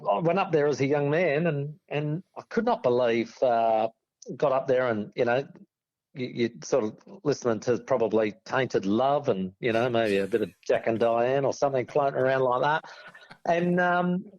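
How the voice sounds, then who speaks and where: A middle-aged Australian man telling lively anecdotes as a podcast guest, slipping into loud voices for his friends. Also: medium pitch, moderate pace, lo-fi sound. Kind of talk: storytelling on a podcast.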